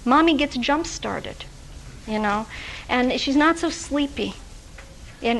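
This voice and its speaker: A woman's voice: on the high side, gravelly, a little hiss or hum, rough recording. A woman presenting a workshop lecture to social workers, talking in a conversational way with fillers and restarts. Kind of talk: recorded workshop lecture with personal anecdotes. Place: lecture room with a live audience.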